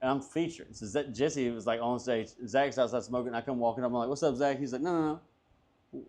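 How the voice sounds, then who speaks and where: A man's voice: mid-range voice, fast talker. A man, a comedian guest, telling a long story casually, swearing freely and acting out everyone's lines. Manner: profane, animated, acts out dialogue.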